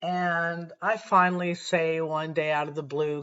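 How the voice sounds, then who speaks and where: A woman sharing a personal faith testimony to camera, earnest and reflective, often pausing and restarting her sentences. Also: sits low, little pitch movement, a bit bright, clear, resonant tone, highs cut off.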